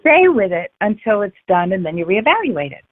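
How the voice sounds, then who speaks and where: A frank, passionate woman speaks candidly as an interview guest, swearing now and then and restarting sentences as she goes. Her pitch sits in a middle range. She comes through a thin, phone-like line. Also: very animated, brisk.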